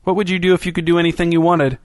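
A woman's voice: fairly low pitch, flat delivery, racing, darkish tone, no echo, clean studio sound, pitched above the performer's own voice, natural voice. A male narrator voicing a restless, adventurous woman on the run who talks bluntly and impatiently in a storybook reading.

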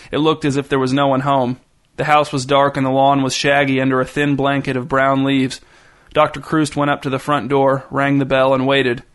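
A man narrating a short story in an even, dry reading style. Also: mid-range voice.

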